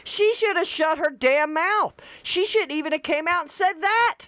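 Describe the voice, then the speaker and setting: A woman's voice: extremely high pitch, a little slow, fairly bright tone, no room sound. A woman hosting casual political commentary, blunt and exclamatory with folksy asides. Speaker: host.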